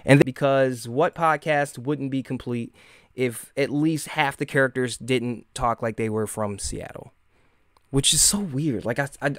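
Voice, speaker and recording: A man's voice: on the high side, no echo, studio quality. A man with a Michigan accent hosting a casual live-stream monologue, rambling and sarcastic, full of fillers and restarts. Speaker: podcast host.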